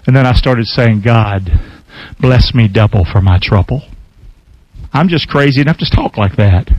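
A man's voice: medium pitch, normal speed, no echo, lo-fi sound. A man in his sixties, a pastor preaching a folksy, emphatic sermon with call-and-response to his congregation.

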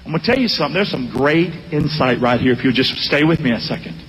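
A man preaches with swooping, animated delivery, calling out to his congregation for answers. His voice sits high for a man and swings freely from line to line. Long reverb from a large hall trails every phrase. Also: fast. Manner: animated, call-and-response with congregation. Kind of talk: sermon.

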